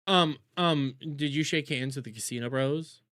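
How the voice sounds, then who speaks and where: A man streaming casual reaction commentary, animated and swearing, often repeating words and mocking the people in the clips. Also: mid-range voice, moderate pace, smooth, no echo, clean studio sound.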